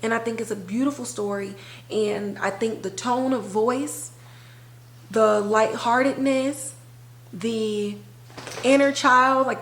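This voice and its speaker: Woman podcast host, candid and heartfelt, somewhat high voice, roomy echo. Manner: candid, emotional, conversational with slang. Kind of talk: personal TV recap monologue. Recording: echoey room.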